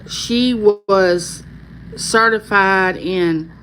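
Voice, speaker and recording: A woman's voice: mid-range voice, extremely slow, a bit bright, a little hiss or hum, poor audio. A woman with a Southern accent hosting a casual live stream, chatting and reading viewer comments aloud in a friendly, folksy drawl. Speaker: YouTube host on a live stream.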